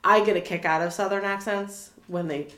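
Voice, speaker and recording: A woman's voice: medium pitch, steady tone, normal speed, sharp tone, echoey room. A woman in her thirties chatting casually as an interview guest, full of fillers, restarts and little laughs. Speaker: animal communicator guest.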